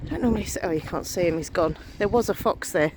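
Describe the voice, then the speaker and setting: A woman's voice: on the low side, quick pace, heavy background noise. A woman in her thirties filming a casual vlog while walking down a street, out of breath and anxious. She sounds chatty and self-deprecating, with frequent sighs. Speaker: vlogger. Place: outdoors on a residential street, walking.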